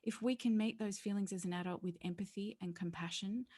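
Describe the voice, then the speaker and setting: A woman's voice: medium pitch, fairly even intonation, fairly quick, warm tone. A woman, a parenting educator talking earnestly as an interview guest and telling stories. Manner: earnest, storytelling, laughs often; acts out quoted voices. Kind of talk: conversational interview.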